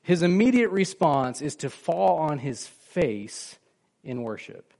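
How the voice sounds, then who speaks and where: Pastor, male, slightly high voice, chatty sermon delivery with questions to the congregation. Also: very animated, slow, creaky, darkish tone. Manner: conversational, asks the congregation questions, acts out quoted lines.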